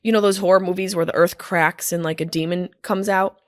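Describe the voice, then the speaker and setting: A woman comedian telling casual stories on a podcast, animated, profane and self-deprecating, from a hotel room. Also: on the low side, brisk, no room sound, studio quality. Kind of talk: casual storytelling monologue.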